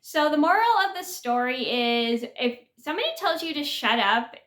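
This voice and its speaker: A woman's voice: high voice, lively intonation, normal speed, a bit bright, reverberant. A woman vlogger casually telling a story to her viewers, rambling with many fillers and restarts.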